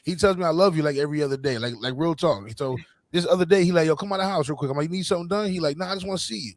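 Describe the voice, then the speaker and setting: A man's voice: on the high side, very fast, dry recording. Laughing storyteller man, slangy and loose. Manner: animated, laughs often, slangy. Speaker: podcast host. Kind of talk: casual storytelling chat.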